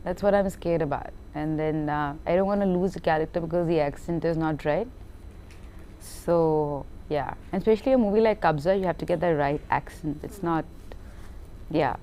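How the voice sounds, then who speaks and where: A woman actress, telling stories in an animated, laughing interview chat and often repeating words. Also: low voice, moderate pace, a little hiss or hum. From India. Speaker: film actress.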